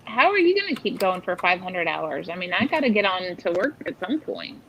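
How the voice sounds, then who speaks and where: A woman's voice: fairly low pitch, sing-song, a little fast, a bit bright, slight background noise, poor audio. A woman joining her husband's live stream in casual chat, giggly and easygoing. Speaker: host's wife, guest.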